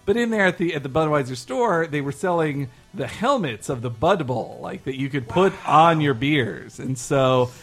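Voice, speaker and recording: Man, slightly high voice, halting and hesitant, casual podcast chat. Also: animated, fairly bright tone, soft background music. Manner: hesitant, many fillers and restarts. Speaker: podcast co-host.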